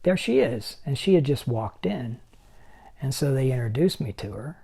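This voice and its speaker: A man in his sixties with a mellow, warm tone, spinning animated anecdotes as an interview guest. He slips in and out of other people's voices while he tells his stories. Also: mid-range voice, normal speed, slightly rough. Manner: animated storyteller who acts out other people's lines. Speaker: special effects makeup artist guest. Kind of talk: anecdotal storytelling.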